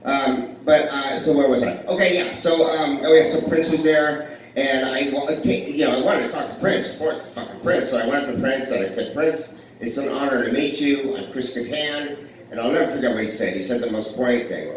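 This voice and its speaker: A male comedian in his forties telling rambling, self-deprecating stories from a club stage, with plenty of back-and-forth with the crowd. His voice sits at an ordinary middle pitch. The recording is very echoey and distant, with a faint murmur of the room behind him. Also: a little fast, a little hiss or hum. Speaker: stand-up comedian. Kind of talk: live stand-up storytelling. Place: blues club stage with a live audience. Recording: echoey club heard from far off.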